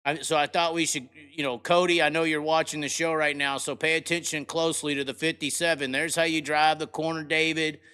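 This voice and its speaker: A man's voice: fairly high pitch, fairly quick, few pauses, smooth. A man hosting a live racing talk show, ranting brashly and cursing as he breaks down results. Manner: brash, profane, excitable rants. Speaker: podcast host. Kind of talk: casual live show commentary.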